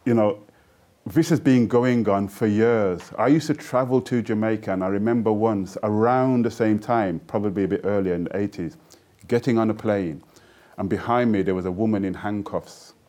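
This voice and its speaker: A middle-aged man speaks as an interview guest, his low voice mellow and rounded. He talks earnestly, telling stories and slipping into recitation of his own poetry. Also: normal speed. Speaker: guest, poet. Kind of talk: interview conversation.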